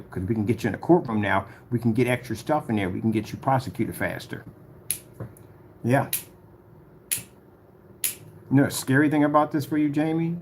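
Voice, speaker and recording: A YouTuber with a lowish, vocal-fry voice speaks straight into the camera, ranting in a confrontational, rambling way as he warns a rival. There's slight background noise.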